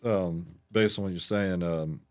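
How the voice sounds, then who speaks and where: A man's voice: sits low, a little slow, darkish tone. A man hosting a music podcast, asking long, meandering questions in a casual interview. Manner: rambling questions with fillers and restarts. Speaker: podcast host.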